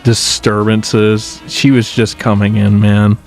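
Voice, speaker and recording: A man's voice: lowish voice, little pitch movement, slow pace, gravelly, a little mellow, faint music behind. A man giving casual reaction commentary on a horror series, ranting in exasperation and swearing, with frequent restarts.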